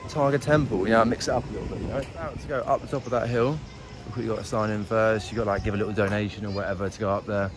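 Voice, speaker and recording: A man's voice: on the low side, fairly even intonation, fast talker. A young man talking casually to the camera while climbing steep stairs outdoors, out of breath, chatty and self-mocking. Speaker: travel vlogger. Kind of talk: casual vlog narration while hiking. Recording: outdoor camera audio with clear background noise.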